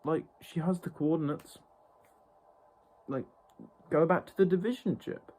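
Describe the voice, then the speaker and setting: A man's voice: fairly high pitch, measured pace, darkish tone. Exasperated, swearing man ranting. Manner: exasperated, heavily profane ranting. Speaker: TV show reviewer. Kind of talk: ranting review vlog.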